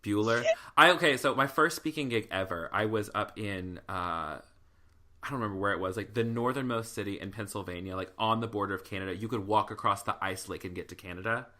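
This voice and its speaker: Bright-voiced animated male podcast host. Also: on the low side, brisk. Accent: Southern US. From US South. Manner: animated storyteller, preacher-style call and response. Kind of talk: casual chat.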